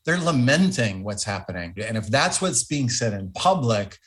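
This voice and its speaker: A man's voice: mid-range voice, sing-song, normal speed, a bit bright. A middle-aged man, a former ambassador, answering radio interview questions in a thoughtful, emphatic way. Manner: thoughtful, emphatic, with fillers and restarts.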